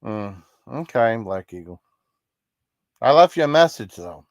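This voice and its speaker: A man's voice: medium pitch, very animated, unhurried, no echo, studio quality. A man hosting a livestream, chatting casually with viewers in a rambling, apologetic, reassuring way. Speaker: livestream host.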